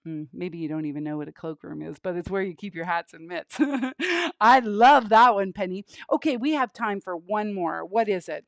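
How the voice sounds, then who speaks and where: A woman hosting a children's show, warm and encouraging as she cheers on the young viewers. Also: mid-range voice, lively intonation, normal speed, creaky, no room sound. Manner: warm, encouraging, upbeat with kids. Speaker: children's entertainer host.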